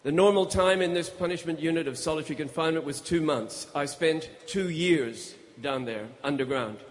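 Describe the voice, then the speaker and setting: A man giving a storytelling speech on stage as a guest speaker, in a measured, grave way. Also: fairly high pitch. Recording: echoey hall.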